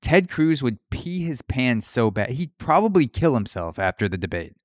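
A man's voice: mid-range voice, big pitch swings, moderate pace, no echo, studio quality. A young man hosting a comedy podcast, ranting crudely and riffing through mock voices for his bits. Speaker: podcast host.

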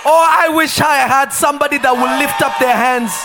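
High-voiced man preaching a fervent sermon. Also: fairly even intonation, normal speed, a faint crowd, slight background noise. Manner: shouted, sing-song preaching cadence. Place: church sanctuary.

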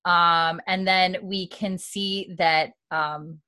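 A woman co-hosting a podcast, casually retelling a TV episode, scattering likes and ums and quoting lines quietly. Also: on the low side, steady tone, extremely slow, no echo. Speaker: podcast co-host recapping a TV episode. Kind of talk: casual recap chat.

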